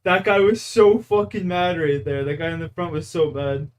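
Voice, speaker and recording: A man's voice: on the high side, fairly even intonation, normal speed, slight background noise. A man making amused side comments at a comedy show.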